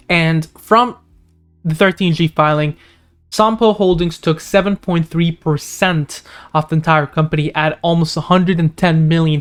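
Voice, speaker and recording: A man hosting a stock analysis channel does a screen-share walkthrough of chart indicators and price levels, firing off figures and indicator names quickly. His pitch jumps up on key points, and he is losing his voice, which is turning hoarse.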